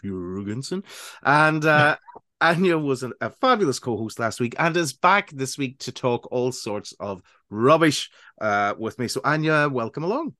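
A man's voice: mid-range voice, fairly bright tone, dry recording, studio quality. A man hosting a casual radio chat show, rambling and laughing as he talks, with many restarts.

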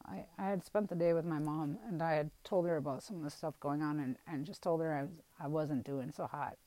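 A young woman from Wisconsin talks candidly about her past in a rambling, halting way, with frequent restarts and blunt swearing. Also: low voice, steady tone, warm tone, dry recording, rough recording. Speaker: vlogger telling a personal story. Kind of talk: candid personal storytelling.

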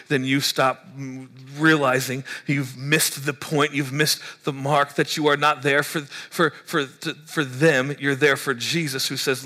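A pastor preaching a sermon in an animated way, acting out people's complaints in higher voices. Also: male voice, normal speed, hardly any pauses. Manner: animated, mimics congregants in high excited voices.

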